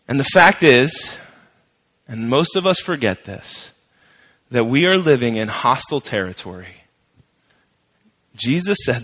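A man's voice: medium pitch, animated, a little slow, pauses often, fairly bright tone, in a large hall. A male pastor preaching a sermon in a conversational, emphatic way, repeating his key phrases.

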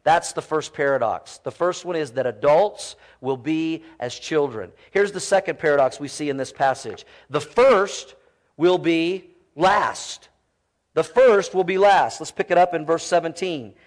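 Animated high-voiced male pastor preaching. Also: a little slow. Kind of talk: sermon.

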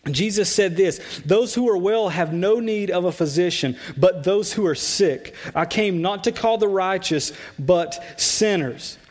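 A man's voice: sits high, darkish tone. A man preaching a sermon to a church congregation in a loose, conversational way, often repeating words and saying "like". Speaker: pastor. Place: church sanctuary.

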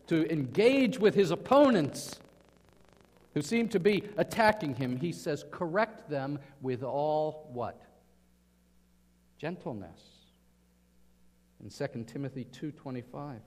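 A man's voice: on the high side, darkish tone. A man preaching a sermon in earnest, often putting questions to his listeners. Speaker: pastor. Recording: reverberant hall.

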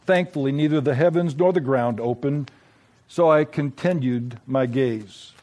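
A man narrating a scripted story in a reflective, measured, gently wry way. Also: medium pitch.

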